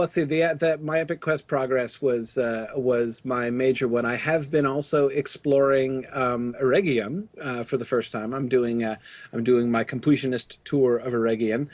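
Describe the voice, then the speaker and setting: A man's voice: mid-range voice, dry recording. A man co-hosting a casual gaming podcast, rambling with lots of restarts and fillers. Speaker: podcast co-host.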